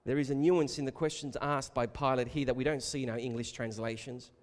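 A man preaching a sermon, emphatic and rhetorical, calling his listeners beloved and building to loud repeated questions. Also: mid-range voice, fairly even intonation, fairly quick. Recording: long reverb of a large hall.

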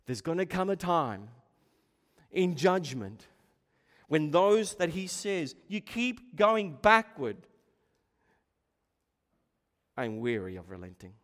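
Male preacher, high voice, impassioned sermon delivery with hushed and loud swings, long reverberant church hall. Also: expressive, slow.

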